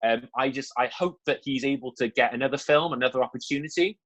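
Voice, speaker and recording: A man's voice: mid-range voice, fast, fairly bright tone, muffled recording. Chatty candid man reviewing films. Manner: chatty, candid, lots of fillers and asides. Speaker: film review show co-host. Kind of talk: casual film review chat.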